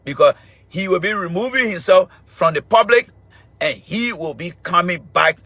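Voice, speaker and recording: A man's voice: sits high, animated, moderate pace, dry recording. A middle-aged man with a Liberian accent, hosting an online show with a loose, repetitive political monologue. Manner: mocking, laughing, shouting insults at a commenter.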